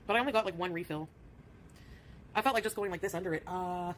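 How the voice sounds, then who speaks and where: Woman co-streaming, chatty and giggly, mid pitch, slight hiss behind. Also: quick pace. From Canada. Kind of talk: casual stream chat.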